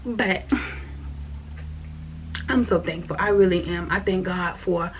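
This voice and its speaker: A woman giving a casual spoken faith check-in, earnest and repetitive, sometimes dropping to a soft whisper. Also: lowish voice, takes it slowly. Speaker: vlogger sharing a faith check-in. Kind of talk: casual spoken testimony to camera. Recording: faint background noise.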